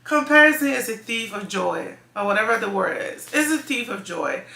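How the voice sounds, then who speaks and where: A woman's voice: medium pitch, animated, normal speed, gravelly, sharp tone, reverberant. A woman running a clothing brand, giving earnest casual advice on a vlog, often correcting herself mid-sentence. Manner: earnest, effusive, restarts and self-corrections. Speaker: clothing brand owner and channel host.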